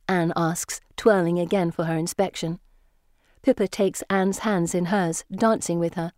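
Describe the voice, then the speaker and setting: A woman's voice: on the low side, steady tone, normal speed, warm tone, dry recording. Woman narrating an audiobook, dry. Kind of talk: first-person audiobook narration.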